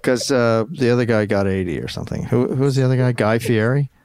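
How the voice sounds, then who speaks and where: A man's voice: mid-range voice, steady tone, quick pace, vocal fry, a little mellow, clean tone. A man co-hosting a podcast, chatting casually and teasing the others. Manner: teasing and talkative. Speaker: podcast co-host. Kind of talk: casual chat.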